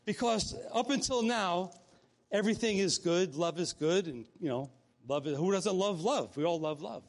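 A man's voice: high-pitched, animated, normal speed. A man preaching a conversational sermon, often restarting phrases and acting out quotes. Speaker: pastor.

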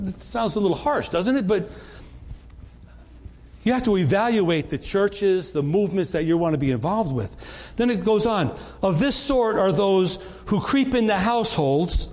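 A man's voice: high voice, darkish tone. A middle-aged man, preaching a sermon to his congregation in an earnest, conversational way with frequent restarts. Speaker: pastor.

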